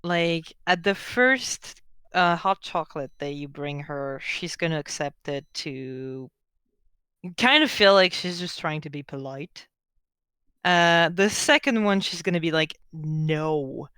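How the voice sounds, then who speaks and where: A game master running a tabletop game at an unhurried pace, explaining at length how characters react. The voice is smooth and clean, recorded dry and close. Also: medium pitch, lively intonation, pushed and bright, no room sound.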